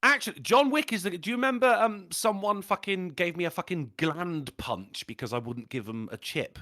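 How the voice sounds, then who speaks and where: A man's voice: sits high, moderate pace, dry recording, clean studio sound. A man co-hosting a casual podcast, telling pub stories with lots of swearing and laughter. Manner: animated storyteller, swears a lot, laughs often. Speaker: podcast co-host. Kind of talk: casual chat.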